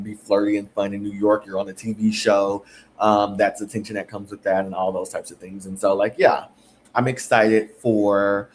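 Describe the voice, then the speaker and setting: A man's voice: lowish voice, slight background noise. A man hosting a casual reality TV recap, chatty and rambling with lots of fillers. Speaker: podcast host.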